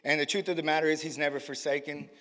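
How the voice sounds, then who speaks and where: A young man tells his faith story to a congregation in a casual, slangy way. His voice is bright and pushed forward, a little higher than most men's. It rings out with the long reverb of a church hall. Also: level tone, quick pace. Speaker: church member giving testimony. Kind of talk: testimony to a congregation.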